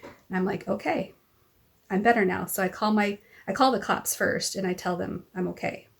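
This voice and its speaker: A woman's voice: medium pitch, steady tone, normal speed, vocal fry. A mother talking in a casual personal vlog, telling a long rambling story and acting out what others said. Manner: rambling storytelling, acts out quoted dialogue. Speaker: vlogger.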